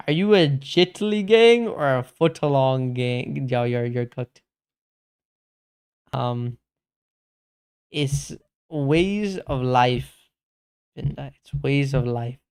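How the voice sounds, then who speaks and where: A man's voice: medium pitch, a little mellow, clean tone. A man streaming casually, chatting slangily and calling everyone bro while answering his chat.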